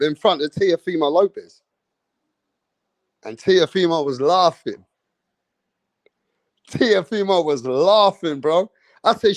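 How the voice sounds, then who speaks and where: A man's voice: high voice, animated, measured pace, pauses often, no room sound. A man ranting in a boastful, profane and heated way as a boxing YouTuber. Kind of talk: ranting commentary.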